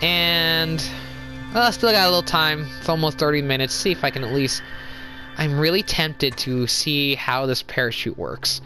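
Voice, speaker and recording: A woman's voice: sits low, bright, forceful tone. Chatty woman gamer over game music. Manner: chatty, apologetic, quick to exclaim. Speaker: let's play gamer. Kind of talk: casual gameplay commentary.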